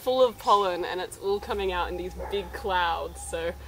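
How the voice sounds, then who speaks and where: A woman's voice: on the low side, normal speed, a little hiss or hum, low-quality recording. A young woman giving a chatty, enthusiastic vlog tour of her orchard outdoors. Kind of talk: casual vlog narration. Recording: background music under the voice.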